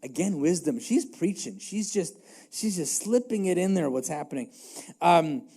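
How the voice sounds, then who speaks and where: A man's voice: a little high, expressive, moderate pace, mellow, husky. A male pastor giving a conversational, self-deprecating sermon in a church, hammering home short repeated catchphrases. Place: church sanctuary.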